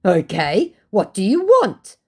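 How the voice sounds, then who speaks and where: A woman's voice: medium pitch, wildly swooping pitch, slow, slightly rough, pitched above the performer's own voice, full character voice. A woman voicing a cocky young male online scammer who talks in a smug, mocking and brash way. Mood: demanding.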